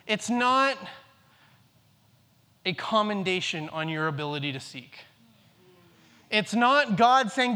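Man in his 30s preaching, really high bright voice, long hall echo, earnest and repetitive on purpose. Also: lively intonation, slow, long pauses. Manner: earnest, repeats key phrases for emphasis. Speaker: pastor. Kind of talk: sermon. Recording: long reverb in a large hall.

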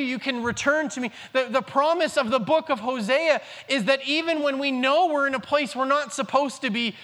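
High bright-voiced man preaching. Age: 30s. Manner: earnest, repeats key phrases for emphasis. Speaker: pastor. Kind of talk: sermon. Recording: long reverb in a large hall.

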